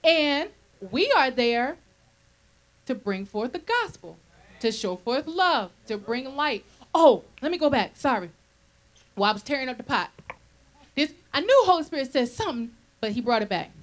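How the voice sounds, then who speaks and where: Lively woman minister, slightly high voice. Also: moderate pace, low-quality recording. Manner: animated, checks in with listeners often. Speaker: minister leading a Bible study. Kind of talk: conversational preaching.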